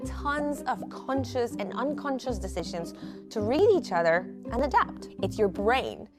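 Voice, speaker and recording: A woman's voice: a little high, very animated, a little slow. Woman narrating over music. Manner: clear, explanatory, lightly playful. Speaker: host. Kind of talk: scripted narration. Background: background music.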